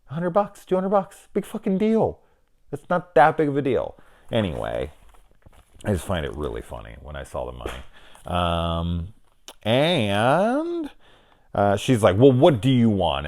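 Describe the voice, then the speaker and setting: A man's voice: sits low, a little mellow. A middle-aged man giving a rambling, wry, casual film review, swearing now and then.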